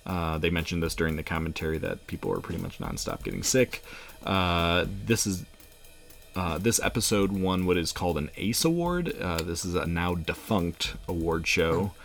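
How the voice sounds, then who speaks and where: A man co-hosting a podcast in casual chat, relaxed, with many fillers and frequent laughs. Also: low-pitched, moderate pace, creaky, soft background music. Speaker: podcast co-host.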